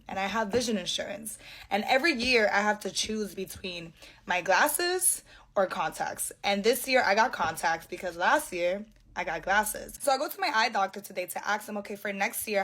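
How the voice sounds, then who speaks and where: Brief: young female vlogger, mid pitch, slangy and profane, frustrated venting. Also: a bit bright. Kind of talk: casual vlog rant.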